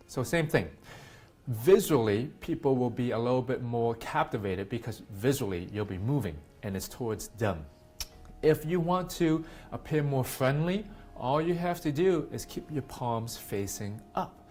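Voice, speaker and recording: A man's voice: medium pitch, animated, moderate pace, darkish tone. A man teaching public speaking tips in a casual talk to camera, often acting out example lines in a livelier, raised voice.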